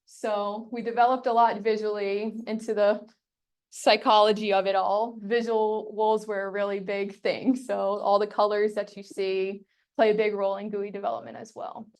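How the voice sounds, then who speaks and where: A woman's voice: mid-range voice, little pitch movement, normal speed, a little mellow, smooth. A young woman student giving a casual classroom workshop presentation, chatty and full of fillers. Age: young adult.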